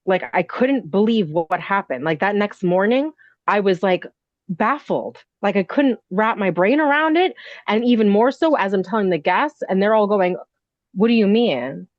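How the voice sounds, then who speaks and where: A woman speaks at a moderate pace in an expressive, medium-pitched voice, with no room sound and a dull, dry lo-fi quality. She's an inn owner guesting on a podcast, breathlessly rambling through her own ghost story with plenty of "like" and "you know."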